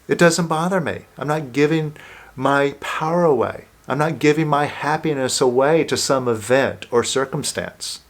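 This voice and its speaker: Slow, calm male self-help coach. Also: on the high side. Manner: slow, calm, coaching listener through steps. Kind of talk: guided self-help exercise.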